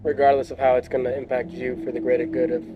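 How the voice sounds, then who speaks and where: A man hosting a casual interview, asking short, low-key questions. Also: little pitch movement, fast, narrow, tinny audio, noisy background. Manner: brief, low-key prompts. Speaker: interviewer, host.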